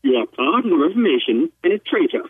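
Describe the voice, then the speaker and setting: A menacing masked villain voice booms through a thin, tinny phone line, put on by a young man. It sounds dry and close. The delivery is slow and ominous, a joking imitation. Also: very animated, husky, no echo. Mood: accusing. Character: Catholic Darth Vader, menacing masked villain.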